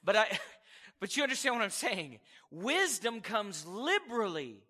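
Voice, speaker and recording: A man preaching a sermon as pastor, animated and acting out little voices to make his points. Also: high voice, measured pace, in a large hall. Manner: animated preaching, acts out voices of God and people.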